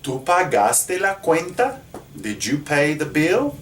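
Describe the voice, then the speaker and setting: A man's voice: fairly high pitch, very animated, slight background noise. Patient man teaching in an echoey room. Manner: slow, patient, checks in with "okay?" and "right?". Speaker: Spanish teacher. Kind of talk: classroom grammar lesson. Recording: roomy echo, mic at a distance.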